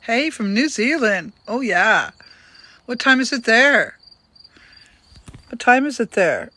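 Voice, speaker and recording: A woman's voice: on the high side, big pitch swings, slow, bright, forceful tone, dry recording. An older woman hosting a casual live stream outdoors, chatting to viewers, greeting them by name and repeating her questions. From Canada. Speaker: livestream host. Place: outdoors on a sunny day. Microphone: phone.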